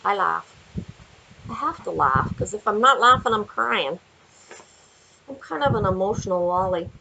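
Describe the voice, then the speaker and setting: A woman giving a chatty tarot card reading, laughing often and talking to viewers in animated asides. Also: medium pitch, moderate pace, gravelly, noisy background. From Canada. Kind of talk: casual tarot reading vlog. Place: home with window view.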